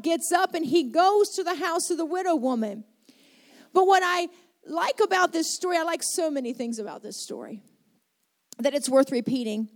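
A woman pastor preaching a sermon to her congregation, retelling scripture with dramatic shifts of pace. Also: high-pitched. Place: church sanctuary with congregation.

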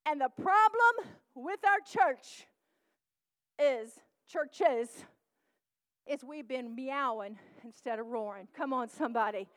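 A woman preaching a sermon, calling out to the congregation and swinging from shouts to hushed tones. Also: high-pitched, expressive, slow, no room sound.

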